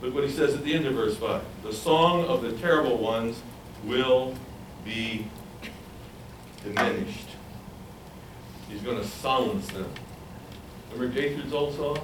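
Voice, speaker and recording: Man, preacher, sermon, animated, questioning the audience, echoey room, faint background noise. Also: medium pitch, a little slow, pauses often. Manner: animated, asks the audience questions, acts out voices. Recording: roomy, from a distance, faint ambience.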